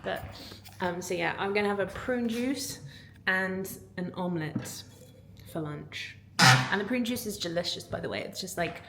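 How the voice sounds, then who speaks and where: A woman in her thirties, vlogging casually from her flat, candid and rambling with lots of fillers. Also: on the low side, moderate pace, gravelly, background noise. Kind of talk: casual chatty vlog.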